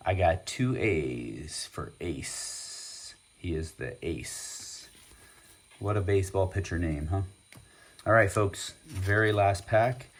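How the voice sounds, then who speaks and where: A man hosting a casual vlog, chatting and rambling with many fillers as he opens packs of cards. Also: deep voice. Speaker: host. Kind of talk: casual card-opening vlog.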